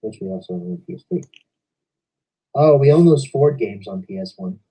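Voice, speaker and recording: Young male streamer, dark husky voice, sits back from the mic, rambles. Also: medium pitch, expressive, moderate pace, far from the mic, low-quality recording. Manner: rambling, talks at length about games. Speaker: stream host. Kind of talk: casual chat. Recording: voice from away from the mic.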